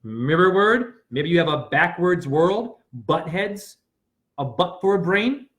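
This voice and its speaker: Man, high voice, wildly swinging pitch, erratic rambling livestream rant, preachy, shouting then muttering. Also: animated, takes it slowly. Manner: preachy, chains loose wordplay and puns. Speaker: self-styled spiritual teacher and name reader.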